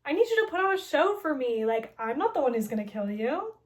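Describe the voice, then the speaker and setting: A gleeful, taunting villain who treats cruelty as art , retold by a woman in her own casual voice. The delivery is loose and chatty, peppered with "like", and sits high in pitch. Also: very animated, a little fast. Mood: mocking. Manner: casual paraphrase full of "like". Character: taunting male mad-scientist villain.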